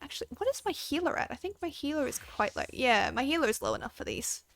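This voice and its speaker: A woman's voice: sits high, very animated, fast talker, vocal fry, fairly bright tone. Giggly woman game streamer. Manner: chatty, giggly, swears casually. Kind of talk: casual live-stream chat.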